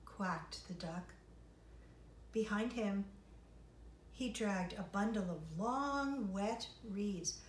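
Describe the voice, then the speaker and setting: A woman music teacher reads a story to young children in an online lesson, encouraging and sing-song, in a mid-range voice that is very slow with long pauses. The recording sounds roomy and distant, with faint noise.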